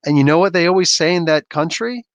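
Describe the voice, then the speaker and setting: A man's voice: fairly high pitch, fast, no echo. A man hosting a comic book podcast, chatting casually and animatedly with rambling asides and laughs. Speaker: podcast host. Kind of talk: casual chat answering viewer questions.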